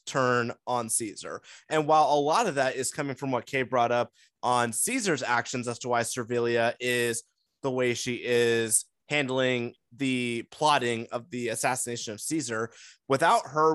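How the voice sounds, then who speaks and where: A man's voice: medium pitch, fairly bright tone, no room sound. Man talking, dry close sound. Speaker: podcast co-host. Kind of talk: casual chat.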